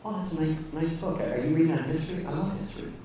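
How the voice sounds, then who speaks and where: A man's voice: fairly high pitch, racing, warm tone, a little hiss or hum, pitched above the performer's own voice, natural voice. A man voicing a cheerful, eager male shop clerk with an upbeat manner. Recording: echoey hall, distant mic.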